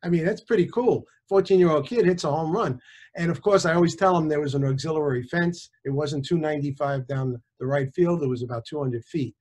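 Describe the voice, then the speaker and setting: A man in his sixties, a chiropractor and author, telling personal anecdotes in a casual, animated way. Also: a little high, a little fast. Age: 60s. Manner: animated, conversational, with small restarts.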